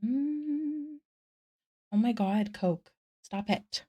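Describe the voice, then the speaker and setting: A woman on a home live stream, chatting easily with her viewers and laughing often. Her voice sits at a middling pitch, and she answers the chat as it comes in. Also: expressive, normal speed, fairly bright tone, highs cut off. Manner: chatty, giggly, reads chat aloud. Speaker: art streamer.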